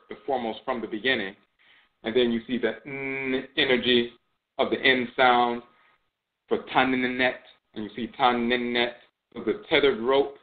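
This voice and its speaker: A man giving a measured spiritual lecture, often repeating phrases and trailing off with "and so forth". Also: mid-range voice. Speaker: host and spiritual teacher. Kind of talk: spoken lecture on spiritual tradition. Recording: tinny phone-like sound.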